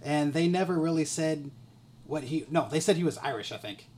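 Podcast co-host, animated pitch, chatty, hedging with fillers, casual chat. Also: fairly quick, slight background noise.

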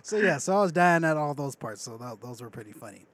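Podcast co-host, male, slightly high voice, very lively delivery, playful and animated. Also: fast, no echo. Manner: animated, acts out movie lines with laughs. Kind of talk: casual chat.

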